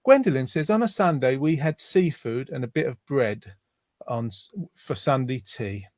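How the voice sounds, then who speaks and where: A man's voice: medium pitch, lively intonation, normal speed, darkish tone, no echo. Give me a jokey, rambling British man hosting a casual chat, recorded dry and close. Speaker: host.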